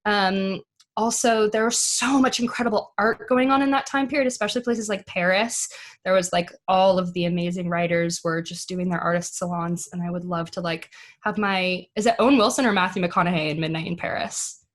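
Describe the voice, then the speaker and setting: A woman's voice: medium pitch, steady tone. A young American woman, an actress, chatting on a podcast in a bubbly, rambling way full of asides. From United States. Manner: bubbly, lots of "like" and quick asides. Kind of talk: casual chat.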